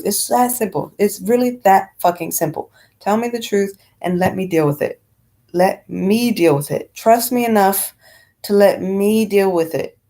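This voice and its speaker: A woman's voice: mid-range voice, mellow. A woman talking bluntly in a casual vlog rant, rambling with many fillers and swearing freely. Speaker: vlogger.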